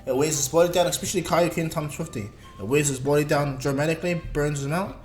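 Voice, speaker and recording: A man's voice: a little high, fast talker, a little mellow, reverberant, faint music behind. A man casually retelling a fan-made story, rambling with lots of fillers and self-corrections. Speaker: video creator.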